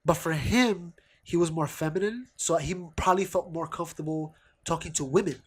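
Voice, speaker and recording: A man's voice: fairly high pitch, a little fast, breathy edge. A man co-hosting a casual podcast, telling loose stories and acting out quotes in goofy voices, laughing often. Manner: loose storytelling, acts out quotes in silly voices. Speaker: podcast co-host. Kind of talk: casual chat. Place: home basement studio.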